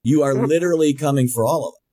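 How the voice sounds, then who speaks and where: A man's voice: medium pitch, fast, warm tone, slightly rough, no echo, studio quality. An older man hosting a heated political talk show, blunt, mocking and defiant. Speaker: host.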